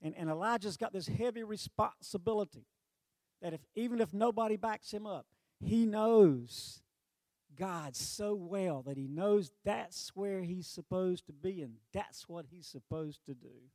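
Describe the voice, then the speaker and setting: Animated male preacher, slightly high voice. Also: unhurried, no room sound. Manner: animated storytelling with sarcastic humor and acted-out quotes. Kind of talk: sermon.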